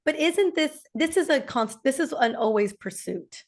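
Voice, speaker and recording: A woman's voice: high voice, expressive, normal speed. A woman hosting a podcast, who asks curious, reflective questions and often restarts her phrases. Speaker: podcast host. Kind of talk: podcast conversation.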